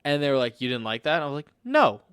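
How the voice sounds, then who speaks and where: A man's voice: medium pitch, fairly even intonation, very fast, fairly bright tone, clean tone, no room sound. A man co-hosting a podcast in casual chat, blunt and swearing as he tells stories with quoted reactions into a studio microphone. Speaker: podcast co-host.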